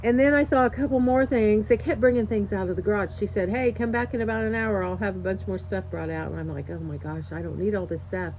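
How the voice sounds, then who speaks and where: A woman's voice: mid-range voice, steady tone, quick pace, few pauses, darkish tone, a little hiss or hum, poor audio. Chatty woman vlogger telling a story. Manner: chatty, laughs often, acts out quoted voices. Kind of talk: casual storytelling.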